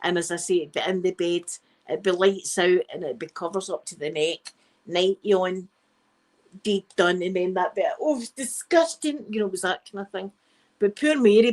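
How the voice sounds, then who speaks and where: A woman's voice: medium pitch, low-quality recording. A middle-aged Scottish woman, the channel host, telling a rambling, frank story in a casual live stream and swearing freely.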